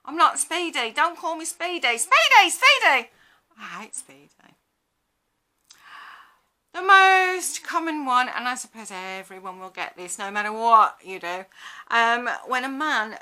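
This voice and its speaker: Bright, sarcastic woman vlogger. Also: fairly high pitch. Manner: blunt, sarcastic, swears. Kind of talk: casual storytelling monologue.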